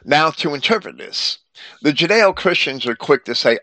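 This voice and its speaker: A man giving a measured, explanatory Bible commentary that reads as scripted. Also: mid-range voice, very animated, sharp tone, no room sound.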